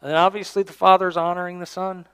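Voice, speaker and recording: A man, the church's pastor, preaching a sermon and reading scripture aloud, swinging between loud emphatic lines and quiet low endings. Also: level tone, quick pace, clean tone. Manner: reads scripture aloud in King James wording. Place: church sanctuary.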